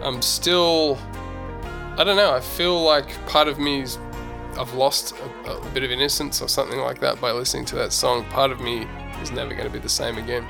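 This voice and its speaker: A man hosts a podcast in a playful, rambling way. His mid-range voice carries a gravelly rasp. Music plays clearly in the background. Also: medium pitch, steady tone. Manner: chatty, playful, halting with fillers. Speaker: podcast host. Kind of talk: casual podcast chat.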